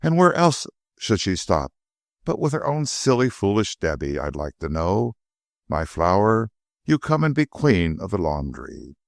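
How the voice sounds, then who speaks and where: A man's voice: low voice, very animated, a little slow, gravelly, no echo, clean studio sound, heavily acted. A man voicing an older, loving working-class female servant who talks in homely, ungrammatical speech. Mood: emphatic.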